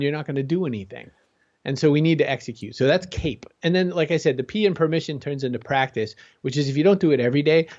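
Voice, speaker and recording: Energetic man on a dull lo-fi line. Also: a little high. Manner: energetic, conversational, jumps into quoted voices. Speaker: guest. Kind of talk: motivational interview talk. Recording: dull lo-fi sound.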